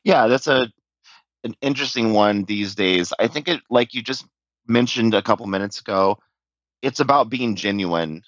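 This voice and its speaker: Guest, male, low voice, dull lo-fi dry line, easygoing and filler-heavy. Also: moderate pace, fairly bright tone, no room sound. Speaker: podcast guest, sales staff. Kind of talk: casual podcast chat.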